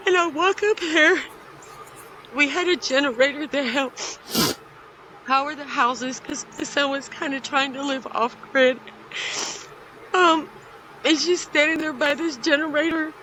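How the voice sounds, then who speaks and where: Slow, halting, high bright-voiced woman. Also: steady tone, a little hiss or hum, low-quality recording. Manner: halting, with many pauses; emotional, grief-stricken. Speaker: podcast guest. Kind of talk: telling a personal story.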